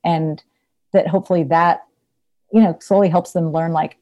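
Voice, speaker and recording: A woman's voice: fairly low pitch, steady tone, moderate pace, pauses often, dark tone. A woman who is a therapist, talking casually in an interview, chatty with frequent laughter and lots of fillers. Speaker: therapist, podcast guest.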